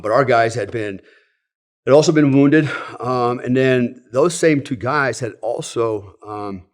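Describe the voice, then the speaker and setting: A middle-aged man from the United States, a former soldier telling stories in a relaxed, casual way, with many fillers and asides. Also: medium pitch. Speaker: guest, former Delta Force soldier. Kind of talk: casual storytelling.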